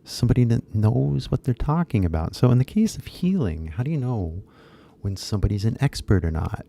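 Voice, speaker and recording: A man's voice: mid-range voice, very animated, fairly quick, vocal fry, warm tone. A man with an American accent giving a casual, rambling English pronunciation lesson, repeating key words for emphasis. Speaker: English teacher.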